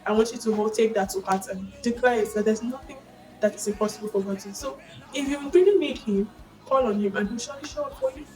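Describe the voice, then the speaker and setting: A young woman in her twenties with a Nigerian accent, telling a personal faith testimony in a casual, expressive storytelling way with excited exclamations. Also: fairly high pitch, quick pace, distant mic, low-quality recording. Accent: Nigerian English. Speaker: vlogger sharing a faith testimony. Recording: mic set back with faint background music.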